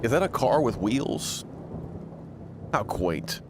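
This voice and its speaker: A man's voice: medium pitch, big pitch swings, takes it slowly, pauses often, a little mellow, slight background noise. A man playing a survival horror game and commenting on it, joking sarcastically and reading the game text aloud. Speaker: gaming streamer. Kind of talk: let's play commentary.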